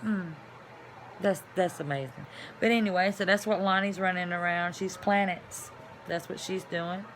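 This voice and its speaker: A woman's voice: lowish voice, normal speed, a little hiss or hum. A middle-aged woman, chatting casually and rambling in her own vlog. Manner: chatty, rambling, signs off loudly. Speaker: vlogger. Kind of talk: casual chat to camera.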